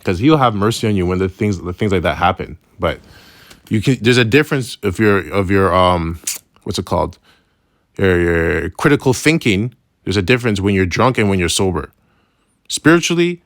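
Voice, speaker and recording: Low and creaky with a slightly bright edge, this man's voice leads an easygoing Bible lesson in slangy, loose wording that keeps restarting. He converses more than lectures, frequently asking "right?". It's a dry, studio-quality recording.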